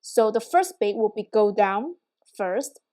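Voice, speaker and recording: Slow, patient woman teaching tones. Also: mid-range voice, expressive, mellow. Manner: slow, patient, checks in with "yeah?". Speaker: Mandarin teacher. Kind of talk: online language lesson.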